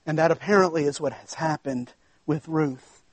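A man preaching a sermon as pastor, emphatic, stretching key words slowly for weight. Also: a little high, no echo.

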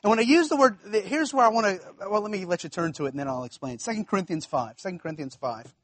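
A man, preaching with a fairly high voice. He talks conversationally, repeats phrases and checks in with the congregation. The sound is dry and close. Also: sing-song, rapid-fire, no room sound. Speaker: pastor. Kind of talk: sermon.

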